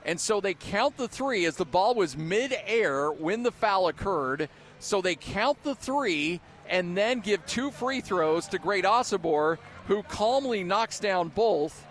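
Excited male postgame radio broadcaster. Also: high voice, takes it slowly, slight background noise. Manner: excited, then thoughtful stat recap with fillers. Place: arena radio booth.

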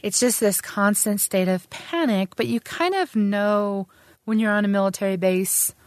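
A woman's voice: medium pitch, normal speed, dry recording. A middle-aged woman, an Army sergeant, telling her own story in an earnest, conversational way with frequent restarts. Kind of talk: personal storytelling.

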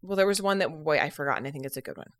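Low-voiced and animated, a podcast co-host with a Utah accent races through her stories. She's a chatty storyteller who laughs a lot during the casual conversation.

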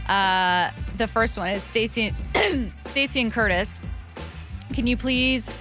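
A woman hosts sports radio in a chatty, upbeat way. Her voice is bright and clear, with faint music behind it. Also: a little high, slow. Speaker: radio show host.

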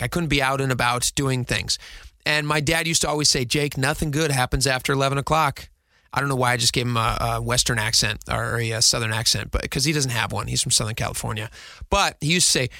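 A man's voice: mid-range voice, pushed and bright, no echo, clean studio sound. A man in his thirties hosting a radio talk show, chatty and rambling, with a self-deprecating manner. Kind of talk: casual radio chat.

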